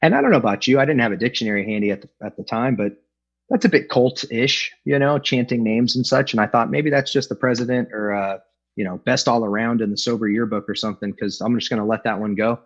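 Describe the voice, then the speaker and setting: A man's voice: mid-range voice, fast, husky, muffled recording. A middle-aged man from Los Angeles telling his recovery story at an AA meeting, wry and joking, acting out the voices he quotes, over a video call. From Los Angeles, California. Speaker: AA speaker.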